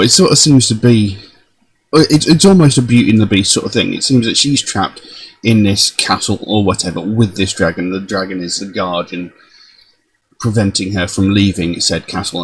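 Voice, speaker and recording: Deep-voiced man reacting to music. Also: slight background noise, rough recording. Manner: admiring, loose with frequent ums. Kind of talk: casual commentary.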